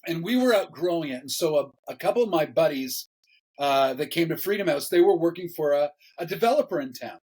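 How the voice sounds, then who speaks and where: A man, a pastor, telling a story in a casual interview, animated, often repeating words and laughing as he talks. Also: on the high side, a little fast, slightly rough, poor audio.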